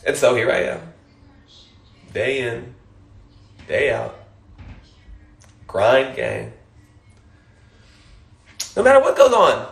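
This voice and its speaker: A man's voice: mid-range voice, huge pitch swings, slow pace, creaky, long pauses, reverberant. A man hosting an Instagram Live, giving a casual motivational monologue, emphatic and swearing casually, often laughing and repeating his points.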